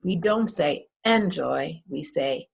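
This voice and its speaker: A woman English teacher walks through a lesson recap at a very slow pace, repeating each word to show where the stress falls. Her voice has a gravelly, husky edge and is a little low. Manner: repeats words to model stress, patient. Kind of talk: recorded class recap, slow and deliberate.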